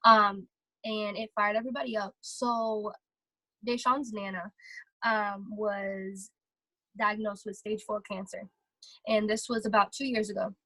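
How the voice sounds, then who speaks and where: A woman's voice: mid-range voice, a little slow, dry recording, rough recording. Chatty young woman, motivational vlog. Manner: chatty, filler-heavy, excitable. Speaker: vlogger. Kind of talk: casual motivational talk.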